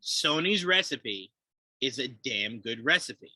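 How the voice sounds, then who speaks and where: A man co-hosting a casual movie chat, animated, swearing and acting out quotes with laughter. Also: medium pitch, slow pace, breathy edge, dry recording, rough recording. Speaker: podcast co-host.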